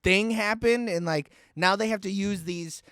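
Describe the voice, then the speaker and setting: A man's voice: high-pitched, moderate pace, a bit bright, clear, resonant tone, no room sound, clean studio sound. A man hosting a casual movie podcast, swearing freely and laughing often. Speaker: podcast host. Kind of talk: casual chat.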